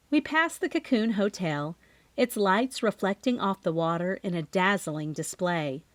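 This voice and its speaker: A woman reads a cozy mystery aloud in the first person, her pitch rising and falling with lively expression. Her voice sits in a middle register. The recording is dry and close, with no room sound behind her. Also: a little slow, dry recording. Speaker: audiobook narrator. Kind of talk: scripted narration.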